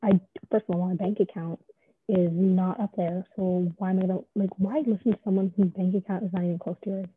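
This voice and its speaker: Husky young woman on a tinny line. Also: on the low side, fairly even intonation, a little fast, no echo. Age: young adult. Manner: rambling, filler-heavy, self-deprecating. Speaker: interviewee. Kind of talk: casual chat. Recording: dry tinny phone-like line.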